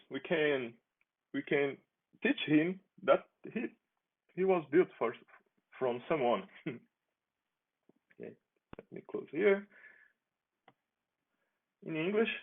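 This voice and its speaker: A man giving a relaxed, chatty demo of his own software, restarting phrases and chuckling now and then. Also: medium pitch. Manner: relaxed, chatty, with frequent restarts and small laughs. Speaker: software developer demoing his app. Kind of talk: casual screen-recorded software demo. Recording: tinny phone-like sound.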